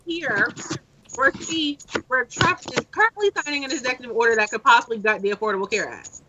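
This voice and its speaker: A woman's voice: on the high side, expressive, brisk, muffled recording, noisy background. A woman who works in healthcare, co-hosting a casual podcast and arguing back with pointed questions. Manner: argumentative, pushes back with questions. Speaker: co-host, healthcare worker.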